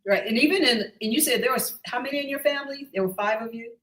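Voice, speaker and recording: A woman's voice: fairly high pitch, fast talker, fairly bright tone, rough recording. A woman hosting a talk show over a video call, asking long rambling questions with many restarts and asides. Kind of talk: casual interview chat.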